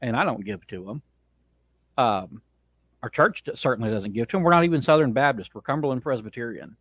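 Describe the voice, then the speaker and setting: A man's voice: medium pitch, animated, brisk, fairly bright tone, no echo. A man hosting his own podcast, ranting in a blunt, opinionated way with frequent restarts. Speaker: podcast host. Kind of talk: casual monologue rant.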